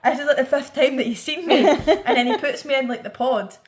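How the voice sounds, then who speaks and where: Brief: young Scottish woman, storytime vlogger, animated and laughing, slightly high voice. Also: brisk. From Scotland. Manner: animated, laughing, acts out quotes. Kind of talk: casual storytime chat.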